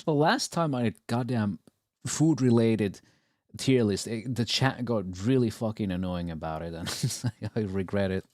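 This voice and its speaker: A man's voice: fairly low pitch, measured pace, darkish tone, no room sound, studio quality. A young man hosting a casual reaction livestream, laid-back, swearing casually and laughing often. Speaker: livestream host. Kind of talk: casual reaction-stream chat.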